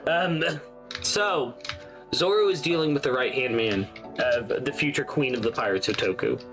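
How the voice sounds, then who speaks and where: A man's voice: mid-range voice, moderate pace, rough recording. A man hosting a casual livestream chat, talking to his co-hosts and the chat with frequent laughs. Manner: animated, laughs often, addresses chat. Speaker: stream host. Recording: music playing behind.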